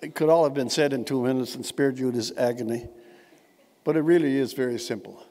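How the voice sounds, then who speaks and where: A man's voice: medium pitch, brisk, dark tone. Witty older man, echoey hall. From Newfoundland, Canada. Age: 70s. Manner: witty, wordy storyteller with dry, elaborate phrasing. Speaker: keynote speaker. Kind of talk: humorous keynote speech. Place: large indoor conference hall. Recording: echoey hall, long reverb.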